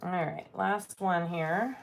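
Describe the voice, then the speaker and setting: A woman's voice: on the low side, slow, vocal fry, a little hiss or hum. A middle-aged woman hosting a casual sewing livestream, chatting playfully, laughing often and reading viewer comments aloud. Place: home sewing room.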